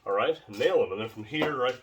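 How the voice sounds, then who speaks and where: A man's voice: medium pitch, animated, fairly quick, recorded from a distance, very noisy. A man teaching martial arts drills in a casual, rambling way, often repeating words as he demonstrates. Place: home training space.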